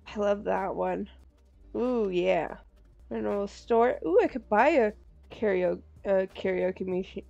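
A woman's voice: medium pitch, creaky, darkish tone, dry recording, dull audio. A woman casually commenting on a life-sim game, thinking aloud over her choices. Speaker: gamer playing a life sim. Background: faint game music.

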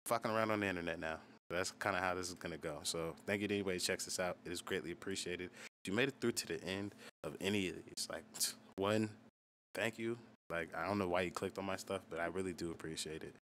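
A young man with a low, deep voice talks through a casual storytime, swearing freely and leaning on filler words as he rambles. He is self-deprecating and offhand, and a faint hiss sits under the recording. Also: fast, a bit bright. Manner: loose and profane, heavy on "like". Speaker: rapper and channel host. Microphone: solo voice recording.

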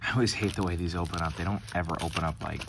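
A young man hosting a card-opening vlog, talking softly and hesitantly with lots of ums as if still sleepy. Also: sits low, steady tone, racing, vocal fry, heavy background noise. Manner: soft-spoken and hesitant, many ums and likes, near-whispering. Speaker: card-opening channel host. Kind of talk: casual pack-opening vlog.

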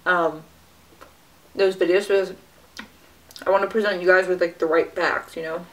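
A woman's voice: on the low side, steady tone, normal speed. A young woman chatting casually while she eats, with frequent fillers and little "mm" sounds. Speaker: fitness vlogger. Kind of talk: casual mukbang chat to camera.

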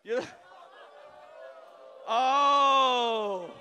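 A man's voice: very high-pitched, animated, moderate pace, pushed and bright, faint music behind. A man doing stand-up crowd work on a club stage, brash and crude, mocking hecklers with lots of swearing. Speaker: stand-up comedian.

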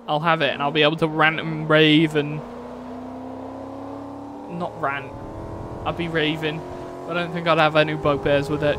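A rambling man with a fairly high voice chats casually to his viewers while he plays, cursing now and then. Loud racing car engine noise runs behind him the whole time. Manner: rambling, chatty, swears casually. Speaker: streamer. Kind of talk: casual live-stream chat while racing. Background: racing game engine noise.

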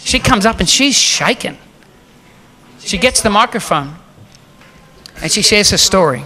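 A man's voice: high-pitched, expressive, a little slow, pauses often, sharp tone. A man preaching a sermon as a guest speaker, telling a story with animation and acting out the lines he quotes.

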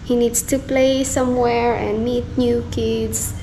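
A woman from the Philippines talks to her vlog audience in an unhurried, chatty way, slipping little laughs between her phrases. Her voice sits a bit high. The recording carries a clear layer of background noise. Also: flat delivery. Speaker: family vlogger. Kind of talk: casual vlog chat to camera.

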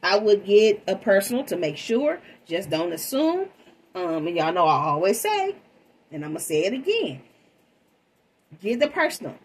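A woman's voice: mid-range voice, very animated, normal speed, breathy edge, low-quality recording. A woman reading tarot in a casual vlog, talking chattily to her viewers and calling them babies. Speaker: tarot reader.

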